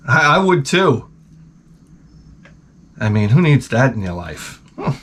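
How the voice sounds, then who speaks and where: A man's voice: mid-range voice, slow pace, pauses often, slightly rough. A hungover man hosting a video, telling rambling comic stories full of swearing and sound effects. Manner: profane, animated storytelling with sound effects. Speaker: video host.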